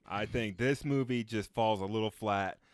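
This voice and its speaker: A man co-hosting a casual film podcast, animated and crude as he jokes about a movie. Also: fairly low pitch, moderate pace, no room sound, clean studio sound. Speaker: podcast co-host. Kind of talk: casual film review chat.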